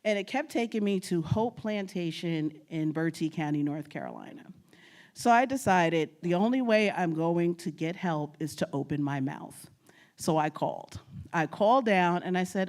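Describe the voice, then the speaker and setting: A New York woman, a guest speaker on genealogy, gives a humorous talk in a lowish, slightly mellow voice at a moderate pace. She tells stories, laughs often, and addresses the audience directly.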